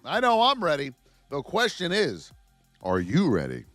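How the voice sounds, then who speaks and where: A hoarse man hosting a live trading stream, energetic and shouting out viewers by name. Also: on the high side, a little slow, no room sound, faint music behind. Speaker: livestream trading host. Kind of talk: hyped live-stream market commentary.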